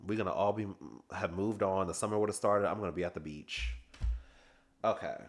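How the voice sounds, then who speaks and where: A man's voice: sits low, fairly quick. A man giving a casual, sassy recap review of a reality TV reunion, chatting and laughing as he goes.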